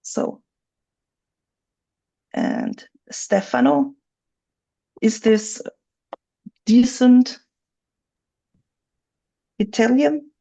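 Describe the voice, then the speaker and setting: A woman's voice: fairly high pitch, drawn-out words, gravelly, pauses often, mellow, slightly rough. A woman instructor leading a live online workshop, chatty and thinking aloud, laughing easily. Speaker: writing software instructor. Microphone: video call. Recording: dull lo-fi video call audio.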